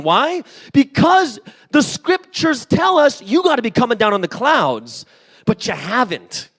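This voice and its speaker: Animated high-voiced man preaching. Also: measured pace. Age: 40s. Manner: animated storytelling, acts out dialogue, often asks "right?". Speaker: pastor. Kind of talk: sermon with personal story. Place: church.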